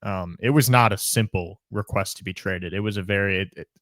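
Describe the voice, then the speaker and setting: A young man in casual podcast chat, his voice sitting low and steady. He talks loosely, circling back with restarts and repeated words. The sound is dry and close, with no room in it. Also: fairly quick, no room sound. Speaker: podcast co-host.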